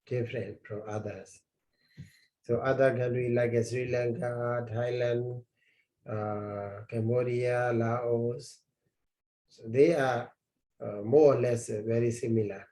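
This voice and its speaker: Slow, mellow-voiced monk teaching. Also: male voice, medium pitch, poor audio. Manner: halting, many fillers and repeated phrases. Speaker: Buddhist monk teaching scripture. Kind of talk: slow scripture lecture.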